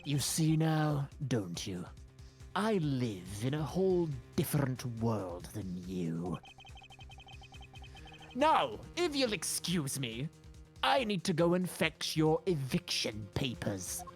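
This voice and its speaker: A woman voicing an arrogant older male ambassador villain, speaking in a smug, drawn-out, lordly way. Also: low voice, very animated, faint music behind, heavily acted. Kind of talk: fan voice acting of a game.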